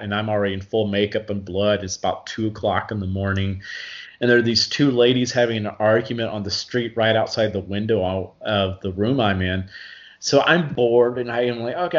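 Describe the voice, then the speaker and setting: A man from Alabama, an actor guest telling lively anecdotes in a casual interview, often laughing and acting out quotes. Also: on the low side, highs cut off. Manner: animated anecdotes with frequent laughter and acted-out quotes.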